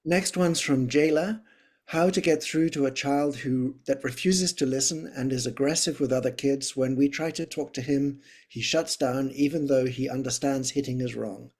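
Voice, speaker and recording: A man's voice: medium pitch, steady tone, moderate pace, a little mellow. A man reading viewer questions aloud in a matter-of-fact way during a live teaching session. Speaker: co-host reading audience questions.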